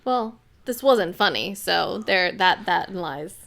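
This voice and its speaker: A woman's voice: lowish voice, expressive, slow pace, gravelly, a bit bright. An American woman co-hosting a podcast, chatting bluntly and casually about a film she watched, swearing freely. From United States. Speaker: podcast co-host reviewing films. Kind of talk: casual chat.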